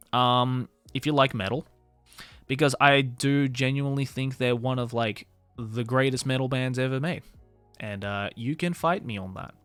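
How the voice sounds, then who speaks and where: A man's voice: medium pitch, fairly bright tone, no room sound. Rambling man on a livestream. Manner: rambling, filler-heavy, swears casually. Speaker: streamer. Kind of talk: casual livestream chat.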